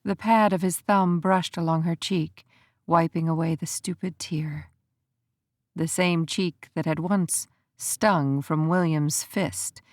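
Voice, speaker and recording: A woman narrating a romance audiobook in an even, measured storytelling manner. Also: low voice, no echo, studio quality.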